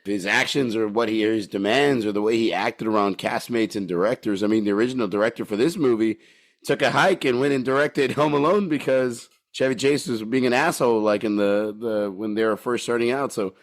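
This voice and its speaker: A man's voice: on the low side, a little fast. A man co-hosting a casual podcast, rambling loosely and swearing freely. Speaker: podcast co-host.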